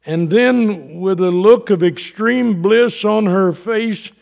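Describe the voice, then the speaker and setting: Older male preacher, slightly high voice, slow and halting testimony turning fervent. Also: vocal fry, a little mellow. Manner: slow, halting, reading from notes; rises into fervent preaching on scripture. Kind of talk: sermon testimony.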